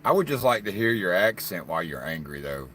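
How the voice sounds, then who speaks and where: A man with a deep, low voice and a Southern hillbilly drawl talks to his viewers in a loose, rambling live stream. His talk is blunt and full of cussing. A faint background ambience sits under the voice. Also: big pitch swings, fairly quick, fairly bright tone, a little hiss or hum. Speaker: livestreaming vlogger. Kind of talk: casual live-stream chat.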